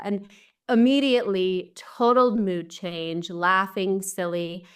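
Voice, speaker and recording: Woman, young adult, podcast guest, conversational, frequent fillers, clear voice. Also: mid-range voice, unhurried. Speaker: podcast guest, mom coach. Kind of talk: casual interview chat.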